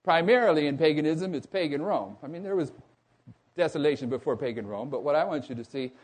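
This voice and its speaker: A man's voice: fairly high pitch, quick pace, darkish tone. A man preaching a sermon to a congregation, asking them questions and often breaking off to restart a phrase. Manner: asks the audience rhetorical questions; stumbles and restarts mid-phrase.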